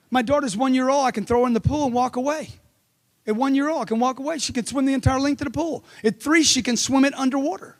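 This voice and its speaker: High-pitched, shouting motivational speaker man. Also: in a large hall. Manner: loud, punchy, rapid-fire rhetorical questions. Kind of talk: live motivational speech. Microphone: handheld mic.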